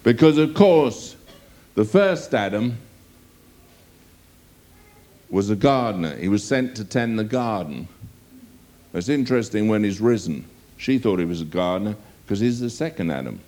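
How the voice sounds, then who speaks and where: A man preaching a sermon, reading scripture aloud and putting drawn-out rhetorical questions to his listeners. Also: fairly low pitch, lively intonation, warm tone.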